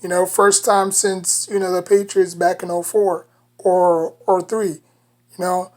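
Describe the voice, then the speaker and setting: A woman's voice: on the low side, level tone, a little slow, darkish tone. Woman with a New York accent, rambling. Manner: rambling, leans heavily on "you know". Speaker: sports vlogger. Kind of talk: casual basketball commentary to camera.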